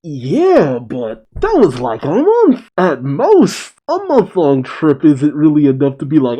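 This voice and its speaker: A man's voice: on the high side, slow pace, few pauses, husky. A man reading a comic chapter aloud and reacting to it in casual commentary. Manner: animated, reads dialogue aloud and reacts. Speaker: manga reaction host. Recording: dull lo-fi sound.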